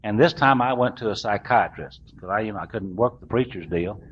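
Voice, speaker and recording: A man's voice: fairly low pitch, a little fast. Folksy man telling his story. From US South. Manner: folksy, self-mocking, drawling humor. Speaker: recovering alcoholic speaker. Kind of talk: storytelling talk to a recovery meeting. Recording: dull lo-fi recording, faint room hiss.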